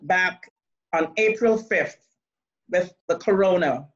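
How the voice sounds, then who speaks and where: A woman poet reading her verse slowly and rhythmically in a Caribbean dialect, over a laptop on a video call. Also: on the low side. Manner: slow, rhythmic recitation. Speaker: poet guest. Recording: muffled video call audio.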